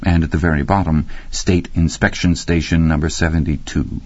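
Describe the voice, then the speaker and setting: A man reading an audiobook in a wry, expressive storytelling manner. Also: extremely low pitch, moderate pace, slightly rough, no room sound. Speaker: audiobook narrator. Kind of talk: scripted narration. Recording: dry, slightly muffled recording.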